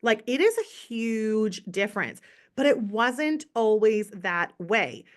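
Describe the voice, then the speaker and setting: A woman's voice: fairly high pitch, very animated, takes it slowly. A woman in her thirties telling her story in a chatty, motivational way on a casual team call. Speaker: direct sales team leader.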